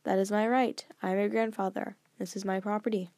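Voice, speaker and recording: A woman voices a stern, formal old grandfather, speaking a little lower and quieter than her narration in a measured, grave, lecturing manner. Her tone stays level and her voice sounds natural, with no echo.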